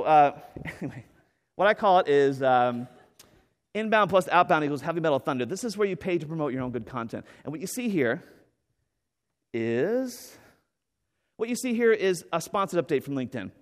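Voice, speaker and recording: A man with a fairly high voice delivers an energetic keynote from a conference stage. He jokes, leans on "right?" and tumbles through restarts as he gets excited. The sound carries the long echo of a large hall. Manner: animated, enthusiastic, jokey with frequent "right?" and fillers. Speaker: conference speaker. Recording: echoey hall with long reverb.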